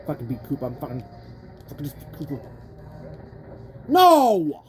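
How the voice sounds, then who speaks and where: A young woman gives let's play commentary on a racing game, ranting with heavy profanity, frustrated and rambling, and often cutting herself off mid-sentence. Her voice is extremely low and steady, and she talks at a racing speed. Faint game music plays in the background.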